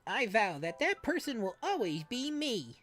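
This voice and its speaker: A woman's voice: sing-song, unhurried, a bit bright, exaggerated voice. A woman doing an earnest young boy hero. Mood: earnest vow. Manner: high, declaiming, melodramatic. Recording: faint game music behind.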